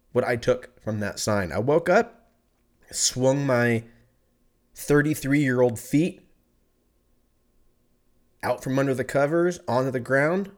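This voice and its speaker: A man in his thirties tells a story to the camera in a loose, rambling way. He swears freely, pokes fun at himself and keeps an easygoing tone throughout, his voice sitting at an ordinary middle pitch. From California. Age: 30s. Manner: rambling, profane, laid-back, self-mocking. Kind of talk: casual storytelling monologue.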